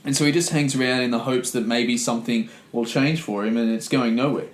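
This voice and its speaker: A man's voice: mid-range voice, brisk, echoey room, poor audio. A man co-hosting a history podcast, explaining events in casual chat. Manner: explanatory, with fillers and restarts. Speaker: podcast co-host.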